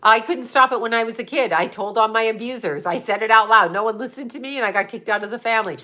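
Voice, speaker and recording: Woman, livestream host, casual chat, blunt, swears a lot, bright and forceful. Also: fairly high pitch, fast talker. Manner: blunt, profane, outspoken.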